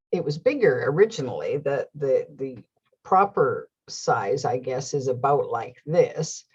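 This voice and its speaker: A middle-aged woman recounts a personal story to her viewers, laughing often and performing her own inner voices. Her voice sits low and a touch husky. The recording is a little dull. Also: warm tone. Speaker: host. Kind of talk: storytelling monologue.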